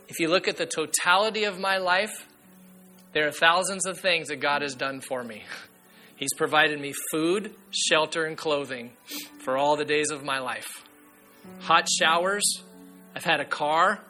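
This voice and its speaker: A man preaching a sermon as pastor, earnest and emphatic, sometimes dropping to a hushed voice. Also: a little high, measured pace, soft background music.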